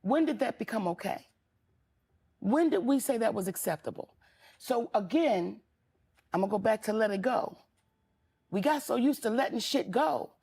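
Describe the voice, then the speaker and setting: A woman's voice: on the high side, lively intonation, moderate pace, gravelly, long pauses, mellow, breathy edge. An older woman comedian talking in a casual chat, telling candid stories about her years on stage. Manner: candid, storytelling, emphatic. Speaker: guest comedian.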